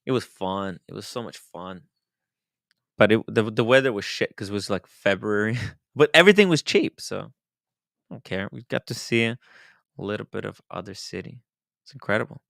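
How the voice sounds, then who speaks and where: A man hosting a casual livestream chat, animated and laughing often, sometimes trailing off into mumbles. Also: lowish voice, normal speed, creaky, no room sound, studio quality. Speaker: host.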